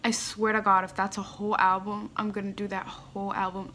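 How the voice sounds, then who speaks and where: A young woman hosting a music reaction, gushing and exclamatory, swinging between loud squeals and quiet musing. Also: mid-range voice, little pitch movement, fairly quick, slight background noise. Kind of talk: excited reaction commentary.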